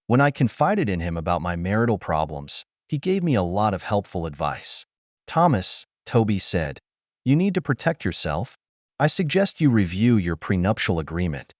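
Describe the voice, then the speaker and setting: A man narrating a first-person audio story in a steady, even storytelling delivery. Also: on the low side, no echo, clean studio sound.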